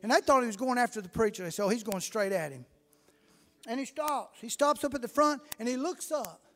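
High-voiced preacher in echoing hall. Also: male voice, fast. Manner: storytelling, rising to fervent shouts. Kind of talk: sermon. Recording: long reverb in a hall.

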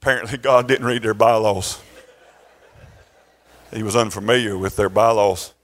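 A man's voice: fairly low pitch, steady tone, moderate pace. A male pastor, telling a story in his sermon in a conversational way, with chuckles and restarts. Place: church sanctuary.

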